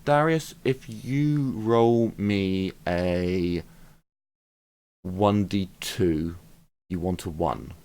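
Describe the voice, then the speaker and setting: A man narrating as game master of a tabletop game, in a relaxed, halting manner with fillers. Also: deep voice, clean tone.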